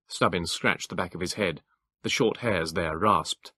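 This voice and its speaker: A man reading an audiobook in a measured, even storytelling manner. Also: low voice, slightly rough, no echo, studio quality. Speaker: audiobook narrator. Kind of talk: scripted audiobook narration.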